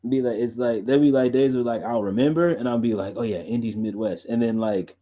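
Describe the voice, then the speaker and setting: A man's voice: medium pitch, fast, warm tone. A young man hosting a podcast and stream, chatting loosely with lots of fillers and laughs. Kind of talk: casual rambling chat.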